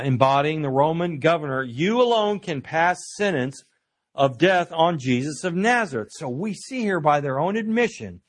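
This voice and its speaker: Man preaching an earnest Bible-teaching sermon. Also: on the high side. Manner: earnest teaching tone, slows to stress key words, frequent uh fillers; asks the listeners rhetorical questions.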